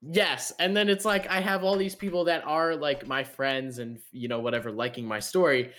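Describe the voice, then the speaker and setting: A young man co-hosting a podcast, telling an animated, slangy story with swearing and frequent laughs. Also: on the high side, normal speed. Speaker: podcast co-host. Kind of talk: casual chat.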